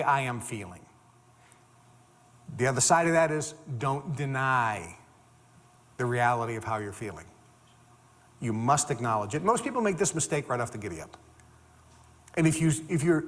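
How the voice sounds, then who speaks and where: A man giving a motivational talk in a lively, swooping voice that sits a little high. He is emphatic and repeats key phrases for stress, and a long reverb trails behind his words as if in a large hall. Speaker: motivational speaker.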